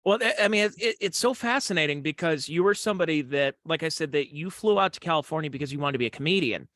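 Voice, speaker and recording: A man's voice: a little high, expressive, quick pace, fairly bright tone, no echo. A man hosting a podcast interview, asking rambling conversational questions. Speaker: podcast host.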